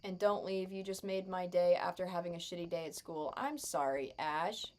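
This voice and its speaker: A woman's voice: on the low side, normal speed, a little mellow. A young adult woman chatting casually with her live stream chat while gaming, sarcastic and chatty.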